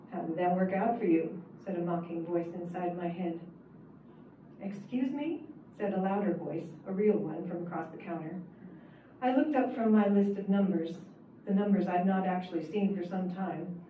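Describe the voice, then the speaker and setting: Woman reading a novel, very echoey. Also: lowish voice. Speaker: author reading her novel. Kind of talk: first-person fiction reading. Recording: echoey, distant, phone-like and hissy.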